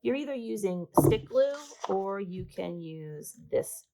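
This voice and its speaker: On poor audio, a woman speaks slowly in an animated, mid-range voice that is creaky and dark in tone. As an art teacher she demonstrates a paper craft in steps, keeping up self-deprecating chatter as she works.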